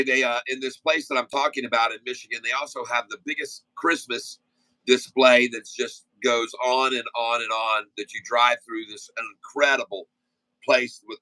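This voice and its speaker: A man with a forceful, bright voice talks his way through a live day-trading stream in a loose, folksy way, drifting between stock calls and chatty asides full of fillers. The sound is dry and close, with no room echo. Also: medium pitch. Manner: rambling, folksy, easygoing, many fillers and asides. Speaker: day-trading livestream host. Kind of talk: casual live-stream chat and stock commentary.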